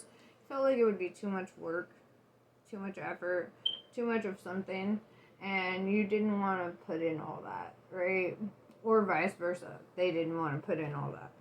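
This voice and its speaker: A woman's voice: medium pitch, slight background noise. A woman giving a casual tarot reading, candid and loose, swearing and laughing often. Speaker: tarot reader.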